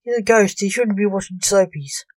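A woman's voice: medium pitch, moderate pace, no room sound, studio quality, natural voice. A woman voicing an irritable grown necromancer who speaks coldly and darkly. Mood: exasperated. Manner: cold, dark and hissing.

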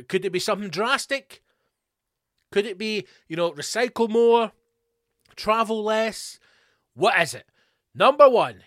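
A man's voice: sits high, a bit bright, no echo, clean studio sound. A middle-aged Scottish man hosting a podcast, delivering a profane, angry ranting monologue. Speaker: podcast host.

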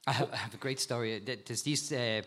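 A man with an animated way of telling stories, a guest talking casually about insects and spiders and laughing at times. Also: medium pitch, quick pace. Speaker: guest, insect and frog expert. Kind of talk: casual storytelling chat.

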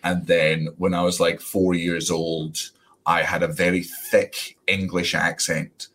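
A Scottish comedian in his thirties, chatting as a podcast guest in an animated, jokey way with plenty of swearing. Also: low voice, slow. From Scotland. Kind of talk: casual podcast chat.

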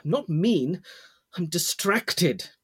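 A man's voice: high-pitched, animated, takes it slowly, breathy edge, voice pushed up, full character voice. A man reading as a coaxing old grandfather.

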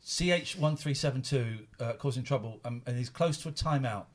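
A male host of a live call-in show who talks in a playful, deadpan mock-serious way. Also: medium pitch, fairly quick.

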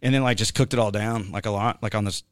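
Joking around and padding with plenty of fillers, this podcast host chats casually and rambles. He talks fast in a lowish, fairly even voice with a clean tone, and the studio recording has no echo.

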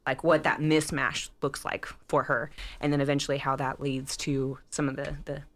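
Low-voiced woman author chatting. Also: little pitch movement, normal speed. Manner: rambling, filler-heavy, upbeat. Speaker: author guest. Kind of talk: casual interview chat.

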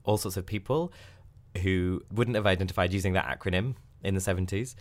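A man's voice: deep voice, a little fast. A male podcast host giving wry, conversational scripted narration. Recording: narration over music.

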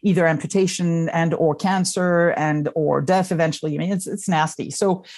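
A woman's voice: fairly low pitch, steady tone, moderate pace, darkish tone. A middle-aged woman in casual conversation as a guest, telling an emotional personal story with candor and dry humor. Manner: candid, emotional, storytelling with self-deprecating humor.

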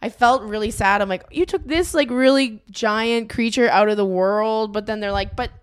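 A young woman with a slightly high voice co-hosts a casual comedy podcast. She tells stories in an animated way and breaks into laughter often. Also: moderate pace, clear, resonant tone. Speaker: podcast co-host.

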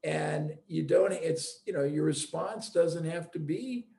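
A man with a gravelly, mellow voice, thinking aloud in a relaxed chat and restarting his phrases as he looks for words. His voice rings a little in an echoey room. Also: fairly high pitch, slow pace. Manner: thoughtful, restarts, searching for words. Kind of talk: reflective conversational chat.

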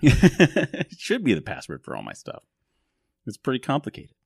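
A man's voice: mid-range voice, huge pitch swings, moderate pace, creaky, slightly rough, dry recording, studio quality. A man hosting a podcast in casual chat, joking, self-mocking and rambling. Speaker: podcast host.

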